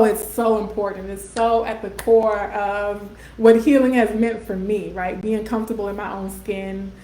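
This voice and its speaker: Talkative woman with a bright, roomy voice. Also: a little high. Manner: warm conversational, frequent "um", "right?" and "y'all", laughs often. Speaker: host of a live video series. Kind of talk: casual live-stream talk reading viewer comments. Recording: echoey room.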